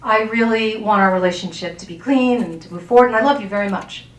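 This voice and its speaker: A woman quoting her patient husband as he calmly and carefully states a grievance. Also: mid-range voice, quick pace, far from the mic, close to an everyday voice. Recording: roomy sound from off-mic.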